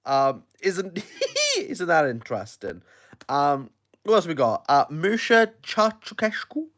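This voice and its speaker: A man's voice: fairly high pitch, huge pitch swings, slow, fairly bright tone, no room sound, studio quality. A Welsh man reviewing books in a rambling, jokey, playfully sarcastic livestream chat into his phone. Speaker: book reviewer.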